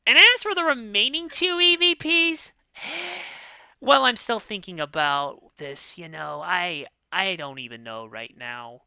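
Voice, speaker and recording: A woman's voice: mid-range voice, lively intonation, slow pace, bright, forceful tone, smooth, dry recording. A woman co-hosting a wrestling predictions show, swearing freely and ranting, swinging between fuming outbursts and tired sighs. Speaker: podcast co-host. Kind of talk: casual wrestling prediction chat.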